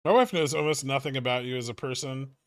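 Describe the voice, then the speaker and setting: This fast-talking host has a mid-range voice that's clear and resonant, with no echo. On a casual livestream he reads viewer messages and responds with irreverent jokes, swearing freely.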